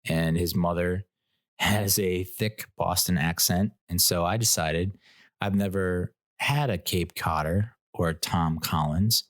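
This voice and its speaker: A man's voice: deep voice, measured pace, no room sound, clean studio sound. A man hosting his own podcast, telling a rambling, self-mocking story and laughing at his own jokes. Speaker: podcast host. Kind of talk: casual solo podcast storytelling.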